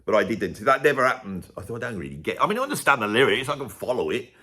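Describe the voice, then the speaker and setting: Animated man ranting to camera. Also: medium pitch, fast talker, breathy edge. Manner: animated, sarcastic, swings between loud and muttered asides. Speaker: music vlogger. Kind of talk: casual opinionated rant to camera.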